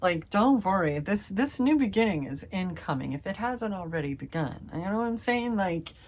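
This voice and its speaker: A woman's voice: mid-range voice, expressive, normal speed. A woman giving a casual tarot reading to her viewers, gushing and effusive, calling them fam and swearing playfully. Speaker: tarot reader.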